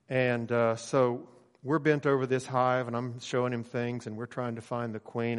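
Man preaching in a reverberant hall. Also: medium pitch. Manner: relaxed storytelling with frequent fillers. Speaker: pastor. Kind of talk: sermon.

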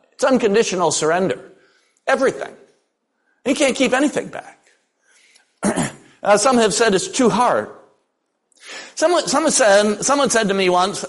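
A man's voice: on the high side, lively intonation, moderate pace, long pauses. An older man preaching a sermon, telling folksy stories with dry humor. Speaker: pastor.

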